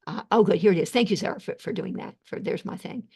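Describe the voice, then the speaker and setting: An older woman, a psychiatrist, hosting a live webinar Q&A, reading chat comments aloud with effusive thanks and halting restarts over a video call. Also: medium pitch, a little mellow, breathy edge.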